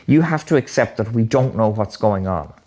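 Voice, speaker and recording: A low-voiced man speaks in a documentary interview. He presses point after point with insistent questions. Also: animated, normal speed, a little mellow. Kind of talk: conversation.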